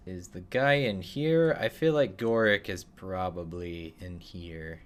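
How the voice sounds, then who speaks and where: A man's voice: low voice, slow pace, hardly any pauses. A young man streaming a game, giving casual commentary full of sarcastic jokes and muttered asides.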